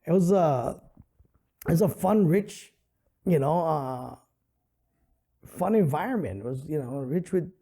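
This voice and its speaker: A middle-aged man from Hawaii, a comedian telling stories in an animated way with many fillers, on a studio podcast mic. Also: on the high side, measured pace, pauses often, husky. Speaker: comedian and guest. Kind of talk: casual interview storytelling.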